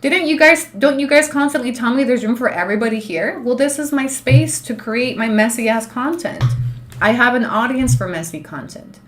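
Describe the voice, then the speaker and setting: This livestream host, a woman in her thirties who studies law, speaks at normal speed in a slightly high voice. Her rant is unscripted and aimed right at her chat: profane, blunt, and sprinkled with Spanish phrases.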